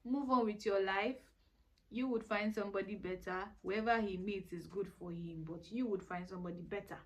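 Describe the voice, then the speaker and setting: A woman's voice: medium pitch, moderate pace. Earnest young Nigerian woman giving advice. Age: 20s. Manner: earnest, exhorting, repetitive pleading. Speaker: vlogger. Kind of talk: casual advice talk to camera.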